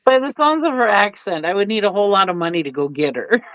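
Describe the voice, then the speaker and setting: A woman's voice: mid-range voice, very animated, fast, a bit bright, no echo. Giggly woman from Minnesota, dull dry sound. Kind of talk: casual panel chat.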